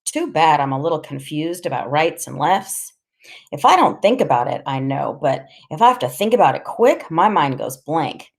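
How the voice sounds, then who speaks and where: A woman narrating a storybook audiobook in the first person, expressive and conversational. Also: deep voice, normal speed, creaky.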